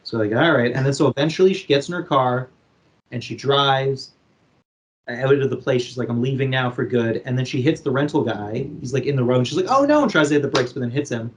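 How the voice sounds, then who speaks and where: A man co-hosting a podcast, casually retelling a film plot with lively acted-out quotes. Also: mid-range voice, brisk. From Canada. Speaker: podcast co-host. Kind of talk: casual chat.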